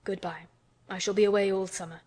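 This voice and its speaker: A woman reading an audiobook, voicing a weary, grieving middle-aged gentleman who speaks slowly and quietly. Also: mid-range voice, fairly even intonation, close to an everyday voice. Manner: slow, subdued, tired.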